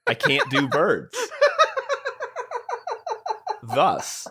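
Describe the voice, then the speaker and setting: A man's voice: medium pitch, lively intonation, extremely slow, sharp tone. A man who is a guest player in a tabletop role-play podcast, talking in a playful, casual way and swearing now and then.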